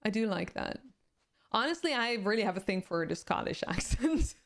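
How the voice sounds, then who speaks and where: A woman's voice: medium pitch, sing-song, moderate pace. A woman with a Swedish accent, a native Swedish speaker who streams games and chats casually, reading viewer comments aloud and answering them. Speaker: game streamer. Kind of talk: casual chat with live viewers.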